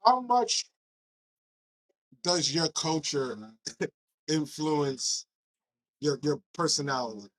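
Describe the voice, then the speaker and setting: A man's voice: fairly high pitch, big pitch swings, takes it slowly, pauses often. Rambling male podcast host. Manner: rambling, repeats himself while asking. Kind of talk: podcast interview.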